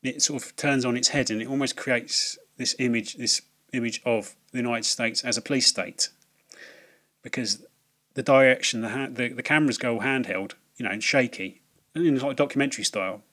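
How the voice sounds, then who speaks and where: A man's voice: medium pitch, normal speed, fairly bright tone. A man giving a casual, rambling film review, full of fillers, restarts and swearing.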